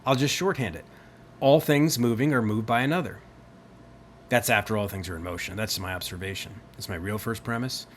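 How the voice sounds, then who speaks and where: A man giving a theology lecture, animated and emphatic, asking his listeners rhetorical questions. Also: lowish voice, fairly quick, a little hiss or hum. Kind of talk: recorded lecture.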